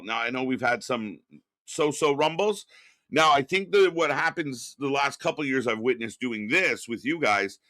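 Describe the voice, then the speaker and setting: A sharp-toned, mid-range voice, recorded dry: a middle-aged man chatting casually on a live stream from his home studio. He reads viewer messages out loud and greets people, drifting along with frequent fillers, restarts and some swearing.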